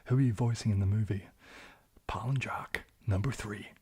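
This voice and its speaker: Brief: New Zealand man, whispered soft-spoken chat, slightly low voice, hesitant. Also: moderate pace, slight background noise. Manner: shifts between whisper and soft speech, hesitant with fillers. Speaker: ASMR livestream host.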